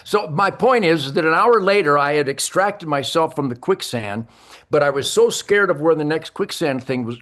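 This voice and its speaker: An older man, a podcast guest, telling hunting stories with emphasis, repeating words and acting out his own shouts. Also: fairly high pitch, expressive, moderate pace. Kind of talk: animated hunting storytelling.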